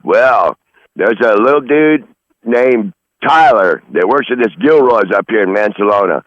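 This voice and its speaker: A man's voice: on the high side, fairly bright tone, dry recording. A man rambling in crude, profane casual chat, calling in from outdoors in his garden over a phone line. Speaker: regular call-in guest.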